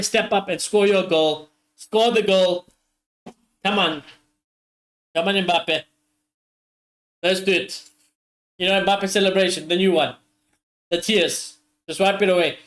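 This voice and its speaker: A man commentating live on a football match for his stream viewers, excitable, swearing often and talking straight to his audience. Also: sits high.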